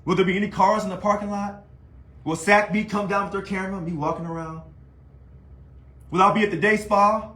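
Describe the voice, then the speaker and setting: Animated high-voiced man, echoey room. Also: a little fast, long pauses. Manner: animated, taunting, rhetorical questions. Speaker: union leader. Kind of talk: casual video monologue.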